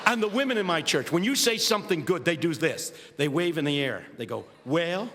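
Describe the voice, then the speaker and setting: A man preaches with a comic storyteller's timing, and his high, sharp-edged voice swings widely as he builds toward shouting. His sermon rings out through a large hall with a long echo. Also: expressive, brisk. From United States, Philadelphia. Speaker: preacher and guest speaker. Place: large hall with a live audience. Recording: reverberant hall, faint ambience.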